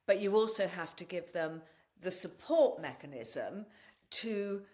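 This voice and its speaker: Blunt, animated woman telling her story. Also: lowish voice. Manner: blunt and animated, swears freely. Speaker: podcast guest and wellness practitioner. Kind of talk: candid interview storytelling.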